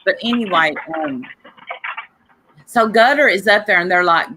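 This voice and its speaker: A woman's voice: medium pitch, animated, moderate pace, noisy background. A woman hosting a casual talk show, rambling and gossiping to listeners while sick with a cough. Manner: rambling, chatty, addresses listeners directly. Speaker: podcast host.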